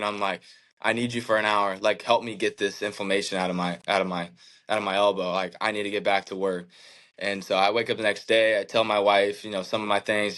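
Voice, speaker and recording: A man's voice: on the low side, a bit bright, rough recording. A man in his thirties, a professional athlete as interview guest, telling his story earnestly and reflectively, with many fillers like "like" and "man". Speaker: professional baseball pitcher, guest.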